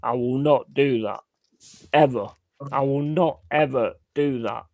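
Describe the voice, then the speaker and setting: Blunt gravelly man. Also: mid-range voice, a little slow, darkish tone, no echo. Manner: blunt, swears freely. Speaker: host. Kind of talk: casual chat.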